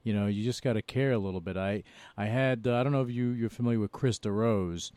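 A man hosting an interview, speaking in a halting, supportive way with many restarts. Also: lowish voice, darkish tone, no echo. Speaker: interview host. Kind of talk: casual interview.

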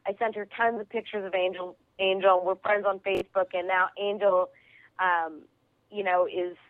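A woman comedian tells a story with big energy and quick laughs, taking on the voices of the people she meets. Her voice comes through thin and tinny, like a phone line. There is no room sound around her. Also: mid-range voice, dry recording. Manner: lively, quick, laughs easily, acts out voices in stories. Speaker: comedian and actress, interview guest. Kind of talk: animated storytelling over the phone.

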